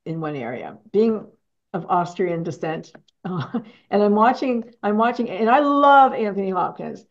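A woman's voice: mid-range voice, expressive, a little slow, dull audio. A woman hosting a casual film chat, talking frankly and laughing easily as she disagrees. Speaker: show host. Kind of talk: casual chat about films.

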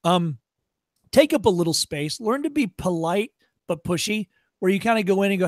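A high-voiced man leads a workshop in a dry, close-sounding space. He talks bluntly and with profanity, plays a tough-love drill sergeant, and slips into quick impressions of shopkeepers. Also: animated, no echo. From Chicago area. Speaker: workshop presenter. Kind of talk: workshop lecture.

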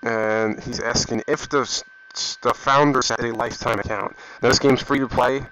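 A man's voice: medium pitch, fairly even intonation, moderate pace, fairly bright tone, slight background noise. A man vlogging about gaming and reading out viewer comments, in a rambling, offhand way; he is getting sick and talks into a headset mic. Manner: rambling and offhand, with frequent restarts. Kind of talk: casual chat reading comments. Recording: dull lo-fi headset audio.

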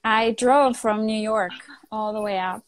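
A woman from Italy with an Italian accent, chatting casually as a guest on a live video call, animated and quick to laugh. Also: a little high, dry recording. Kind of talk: casual chat on a live stream.

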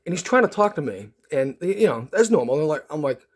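A man opens card packs on his channel, his fairly high, husky voice sing-song and fast. He rambles casually and sarcastically, full of fillers and restarts, telling stories with self-mockery.

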